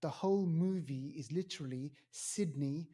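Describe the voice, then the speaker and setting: A man reviewing a film on a podcast in casual chat, rambling with lots of fillers and animated asides. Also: on the high side, normal speed, slightly rough. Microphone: podcast mic.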